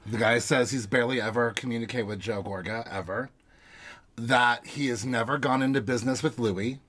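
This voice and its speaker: A man's voice: mid-range voice, steady tone, fairly quick, fairly bright tone. A man co-hosting a podcast in a small closet studio at home, chatting casually and rambling with frequent restarts. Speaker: podcast co-host. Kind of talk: casual recap chat.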